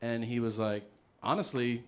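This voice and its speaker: A man's voice: mid-range voice, moderate pace. Man telling a stand-up story. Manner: animated storytelling, acts out other people's lines, laughs often. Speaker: stand-up comedian.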